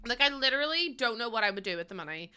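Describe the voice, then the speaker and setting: Bright Northern Irish woman streamer. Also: fairly high pitch, animated, very fast, clear, resonant tone. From Northern Ireland. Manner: chatty, unfiltered, laughs often, sudden loud squeals. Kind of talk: casual livestream chat. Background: soft background music.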